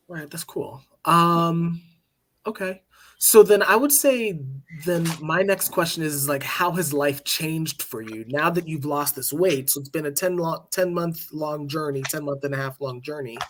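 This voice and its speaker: A man's voice: fairly high pitch, slight background noise. Hesitant man hosting a podcast. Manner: hesitant, halting questions with many fillers. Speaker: podcast host. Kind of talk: casual interview questions.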